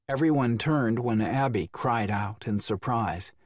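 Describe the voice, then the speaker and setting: A man narrating a children's storybook audiobook in an expressive way, with a husky voice. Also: mid-range voice, a little slow, hardly any pauses, dry recording, studio quality. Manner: expressive, voices each character.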